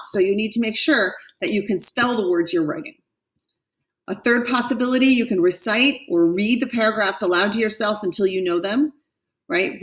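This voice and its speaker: Woman, teacher, recorded class lesson, careful slow model words, roomy echo, a bit far from the mic. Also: mid-range voice. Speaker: French teacher. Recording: echoey room, voice a bit off-mic.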